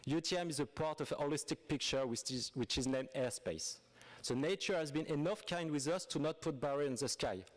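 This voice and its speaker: A man's voice: on the high side, brisk. A man with a French accent, reading a prepared speech as a conference presenter, earnest and forthright with some hesitant fillers.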